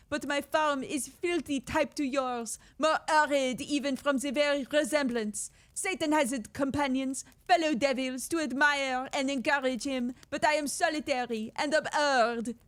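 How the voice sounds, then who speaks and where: A woman's voice: high voice, normal speed, hardly any pauses, pitched above the performer's own voice, lightly acted. A woman voicing an anguished male monster made by a scientist, in a put-on French accent, bitter and dramatic.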